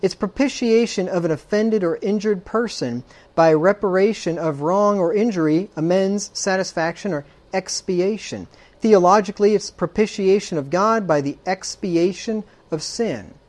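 A man's voice: high voice, normal speed, a little mellow. A man preaching a sermon, emphatic, checking in with frequent rhetorical questions and dropping dry, sarcastic asides.

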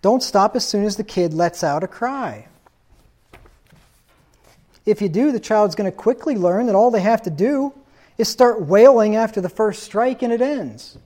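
A man's voice: high-pitched, expressive, measured pace, warm tone. Stern male preacher reading scripture. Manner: reads scripture aloud and asks rhetorical questions; stern, insistent teaching tone. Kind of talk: sermon.

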